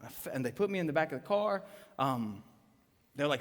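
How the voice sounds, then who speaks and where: A man preaches a sermon and acts out every voice in his story. His pitch swings widely and his tone is bright and forceful. The live recording rings with the long reverb of a large church auditorium. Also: fast. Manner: animated storytelling with voiced quotes. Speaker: pastor.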